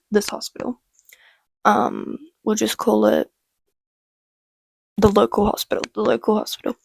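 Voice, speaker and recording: A woman's voice: medium pitch, vocal fry, darkish tone, no room sound, clean studio sound. A young woman casually telling a story from her childhood, rambling with lots of "like" and the odd swear word. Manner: rambling and chatty, heavy use of "like", swears freely. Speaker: vlogger.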